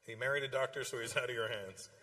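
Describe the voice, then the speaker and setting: A middle-aged man doing stand-up, teasing audience members in quick back-and-forth crowd work. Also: mid-range voice, pushed and bright. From Canada. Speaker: stand-up comedian.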